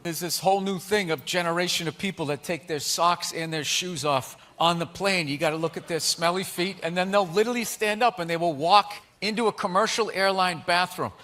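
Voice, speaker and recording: High, bright-voiced man griping. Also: fairly quick, hardly any pauses. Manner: griping, exaggerated comic complaints. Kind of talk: casual chat.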